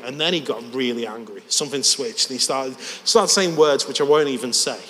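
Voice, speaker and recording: A man's voice: medium pitch, fairly quick, fairly bright tone, a little hiss or hum. A man preaching a sermon in a church hall, telling a story in a conversational, self-deprecating way. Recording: long church reverb.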